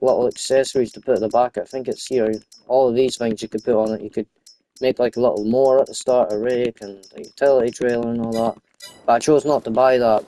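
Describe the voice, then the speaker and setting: A young man with a mid-range, dark-toned voice plays a farming game for his YouTube audience. His commentary is casual and chatty, rambling and often drifting off topic.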